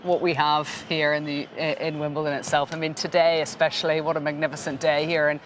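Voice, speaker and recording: A woman's voice: low voice, level tone, a little fast, a little hiss or hum. A woman presenter, speaking in a rambling way with many restarts. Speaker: studio presenter.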